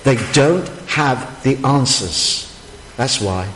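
A man's voice: medium pitch, lively intonation, slow pace, a bit bright, slight background noise. A man preaching a sermon, emphatic and full of rhetorical questions. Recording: echoey hall, faint ambience.

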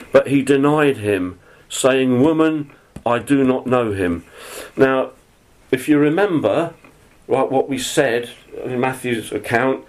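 A man's voice: mid-range voice, low-quality recording. A man preaching a sermon, reading scripture aloud and then explaining it in an earnest, conversational way. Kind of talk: sermon, Bible teaching.

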